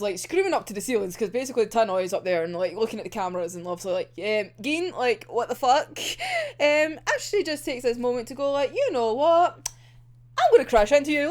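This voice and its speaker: A woman casually recapping a manga volume, gushing and laughing often, swearing freely and acting out the characters' lines as she tells the story. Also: on the high side. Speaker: manga reviewer.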